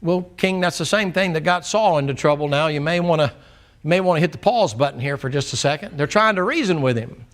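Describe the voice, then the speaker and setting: Folksy preacher, fairly high voice. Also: male voice, fairly quick. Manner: folksy, plainspoken, acts out dialogue. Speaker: pastor. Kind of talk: sermon. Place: church sanctuary.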